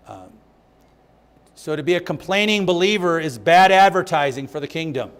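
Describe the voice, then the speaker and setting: A man with a fairly high voice leads a Bible study in church. He teaches with emphasis and drives his points home by repeating the key phrases. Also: moderate pace.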